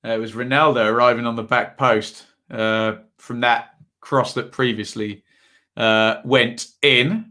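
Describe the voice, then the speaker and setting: Young male streamer, bright tone, casual rambling match commentary with self-mocking asides. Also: mid-range voice, steady tone, unhurried. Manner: chatty, rambling, self-deprecating. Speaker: watch-along host.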